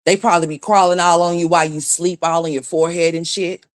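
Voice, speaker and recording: A woman's voice: on the low side, steady tone, fast talker. A woman hosting a livestream, delivering a blunt, scornful, profane commentary rant and greeting chat viewers by name as she goes. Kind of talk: ranting gossip commentary.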